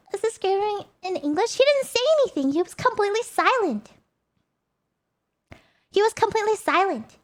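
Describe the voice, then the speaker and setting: A young woman streamer casually telling a story, animated and laughing often, with lots of "like" fillers. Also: extremely high pitch.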